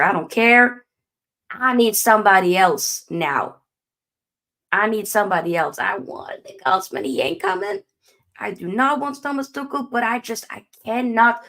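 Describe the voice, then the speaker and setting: A woman's voice: medium pitch, expressive, measured pace, creaky, a bit bright. A young woman hosting a live football match reaction, ranting emphatically and answering her own rhetorical questions. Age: young adult. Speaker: football channel host.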